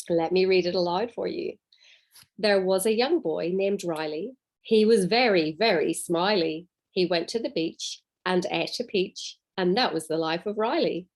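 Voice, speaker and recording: A woman teacher giving a recorded lesson to pupils, in a gentle, encouraging way with clear enunciation. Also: fairly low pitch.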